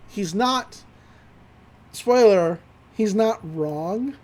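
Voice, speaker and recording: High-voiced man recapping casually. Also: expressive, very slow, a little mellow. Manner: rambling retelling with lots of fillers and laughs. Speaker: podcast co-host. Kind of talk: casual anime episode recap.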